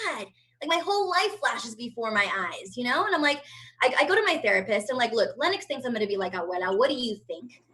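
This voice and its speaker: A woman's voice: a little high, animated, fast talker, fairly bright tone, a little hiss or hum, rough recording. A woman in her thirties doing a brash, profane stand-up routine from home over a video call. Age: 30s. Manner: brash, profane, chatty storytelling. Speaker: stand-up comedian.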